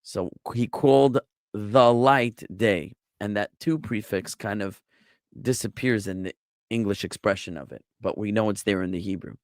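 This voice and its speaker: A rabbi giving an online Bible Hebrew lesson, explaining step by step in a patient way with small jokes. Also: male voice, lowish voice, moderate pace, no echo, clean studio sound. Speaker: rabbi teaching a Hebrew class.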